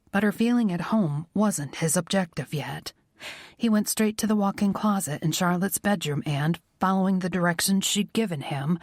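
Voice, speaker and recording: Audiobook narrator, woman, low-set voice, soft measured read, dry booth. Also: no room sound. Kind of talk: scripted narration.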